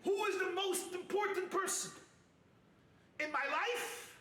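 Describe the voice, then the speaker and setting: Rabbi, male, lively preacher, high bright voice, heard from afar in an echoey hall. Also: unhurried, far from the mic. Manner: animated, acts out quoted voices, jokes. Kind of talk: sermon. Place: retreat hall with audience.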